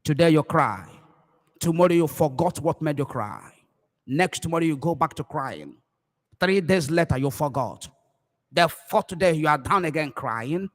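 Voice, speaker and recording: A man with a Nigerian accent preaching a live broadcast as a pastor, impassioned and repetitive, swinging between shouts and low murmurs. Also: lively intonation, moderate pace, big-room sound.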